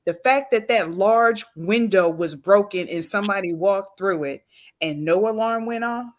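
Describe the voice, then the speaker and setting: A woman's voice: medium pitch, moderate pace. A woman hosting a call-in talk show, chatting casually with blunt, short remarks. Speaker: host. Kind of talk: casual chat.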